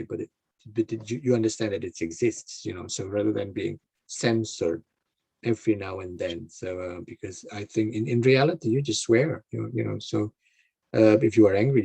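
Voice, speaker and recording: A man's voice: on the low side, gravelly, dark tone, breathy edge, no room sound. A man giving an online talk to a club, speaking hesitantly with many fillers and restarts over a video call. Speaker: guest speaker.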